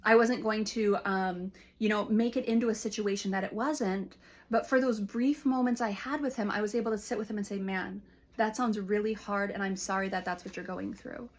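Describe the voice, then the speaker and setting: A woman's voice: medium pitch, steady tone, moderate pace. A woman counselor talks casually to camera, giving advice through personal stories with fillers and restarts. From United States. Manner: warm storytelling with frequent fillers and restarts. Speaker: licensed counselor.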